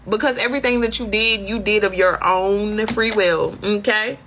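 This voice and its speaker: A woman's voice: mid-range voice, fairly even intonation, normal speed, few pauses, fairly bright tone. A woman telling a comic story as a profane, exasperated rant full of slang. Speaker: comedic storyteller.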